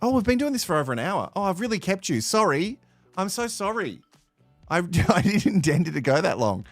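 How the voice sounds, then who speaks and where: Animated Australian man, dry close mic. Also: high-pitched, a little fast, dry recording, soft background music. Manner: sarcastic, swears, bursts into laughs. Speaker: host reacting to a reality show. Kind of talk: live watch-along commentary.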